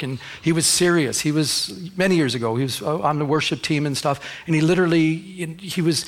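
A male pastor delivers an emphatic, exhorting sermon in church. His voice sits somewhat high for a man, and he drives his points home with repetition. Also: fairly bright tone.

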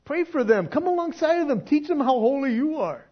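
A man preaching a casual sermon, chatty and laughing often, shifting from quiet, soft passages to loud emphatic ones. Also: very high voice, lively intonation, a little fast, highs cut off.

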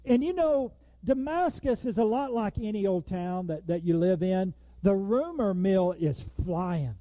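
Man, preacher, high lively voice, slow, dark tone, dry sound. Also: no echo. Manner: conversational, animated, acts out quoted lines. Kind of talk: sermon.

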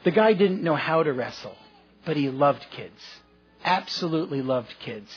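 Husky-voiced man preaching folksy sermon. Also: fairly high pitch, expressive, moderate pace, dull audio, faint music behind. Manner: folksy storytelling with self-deprecating humor. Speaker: pastor.

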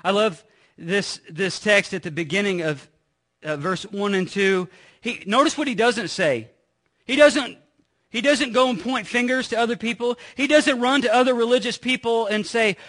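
Middle-aged pastor preaching in church, high bright voice, chatty and asks the congregation lots of questions. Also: male voice, normal speed. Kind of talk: sermon. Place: church sanctuary.

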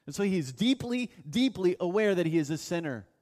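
A man with a high voice preaches an earnest sermon, leaning hard on key words and stretching them out. His voice rings through a church hall with a long, lingering reverb. He speaks as the pastor addressing his congregation. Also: lively intonation, darkish tone. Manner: earnest, emphatic preaching with slow drawn-out stresses.

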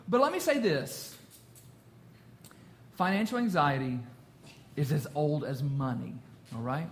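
A man's voice: fairly high pitch, lively intonation, unhurried, pauses often. A man in his thirties preaching a casual, jokey sermon to a congregation. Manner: jokey, conversational, quotes song lyrics. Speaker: pastor.

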